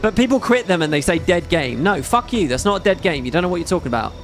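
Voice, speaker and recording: A man chatting casually over gameplay as a YouTube host, rambling and excitable, swearing freely. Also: sits high, fast, soft background music. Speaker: gaming YouTuber.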